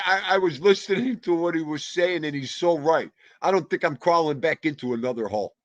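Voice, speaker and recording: A man hosting a livestream, rambling excitably and greeting viewers by name. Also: on the high side, no room sound, lo-fi sound. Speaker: livestream host. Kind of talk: casual chat.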